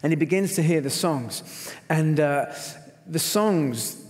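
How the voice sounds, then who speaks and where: A man's voice: fairly high pitch, takes it slowly. A middle-aged man, preaching at a conference and telling a story with lots of acted-out lines. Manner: animated storyteller, acts out quotes with shouts. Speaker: conference speaker. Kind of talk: sermon with a told story. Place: large performing arts hall. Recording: long hall reverb.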